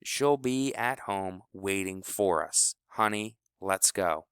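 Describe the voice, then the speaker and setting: A man's voice: low voice, slow pace, fairly bright tone, clean tone, no echo, studio quality. A man reading a story aloud, voicing a guarded, stubborn boy who speaks curtly and dismissively. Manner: curt, dismissive.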